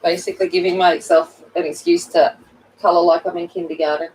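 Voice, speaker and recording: A woman's voice: fairly low pitch, level tone, a little fast, a little mellow, distant mic, a little hiss or hum, poor audio. Chatty woman coloring on a livestream. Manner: chatty, greets viewers by name, laughs at herself. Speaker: coloring channel host. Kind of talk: casual chat while coloring on a livestream.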